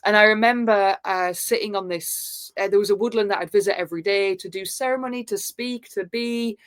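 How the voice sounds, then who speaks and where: A woman, a podcast guest, telling personal stories in an earnest, spiritual way with halting restarts and fillers. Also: mid-range voice. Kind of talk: reflective personal storytelling.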